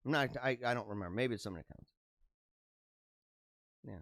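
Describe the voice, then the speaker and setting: A man's voice: fairly low pitch, a little fast, creaky, fairly bright tone, no echo, studio quality. A man in his thirties hosting a podcast, giving casual political commentary in a sarcastic, mocking way and laughing at his own jokes. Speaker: podcast host.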